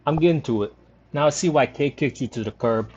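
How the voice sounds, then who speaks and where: A man's voice: mid-range voice, brisk, a little mellow, dull audio, slight background noise, pitched above the performer's own voice, lightly acted. A man voicing a boastful, scruffy bar regular who calls himself a detective, in a cocky, teasing drawl.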